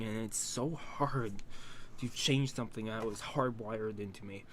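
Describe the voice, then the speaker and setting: A man's voice: on the low side, fairly bright tone, a little hiss or hum. Emotional man on the verge of tears. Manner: halting, emotional, swears often, restarts. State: close to tears. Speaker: anime reaction channel host. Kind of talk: emotional reaction talk to camera.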